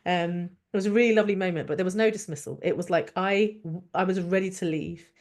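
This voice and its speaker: A woman with a fairly low speaking voice, talking straight into a podcast mic in a frank, reflective monologue. She thinks aloud and often restarts her sentences, and she speaks candidly and expressively, with the odd swear. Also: fairly even intonation, fast, darkish tone. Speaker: doctor and podcast host.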